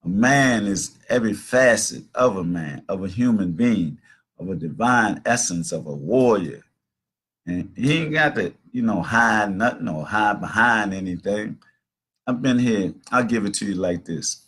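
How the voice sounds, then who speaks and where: A man's voice: on the low side, a little slow, fairly bright tone, husky. A man around sixty hosting a talk show, telling stories in a loose, earnest monologue full of "man" and "you know". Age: about 60. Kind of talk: casual spoken monologue.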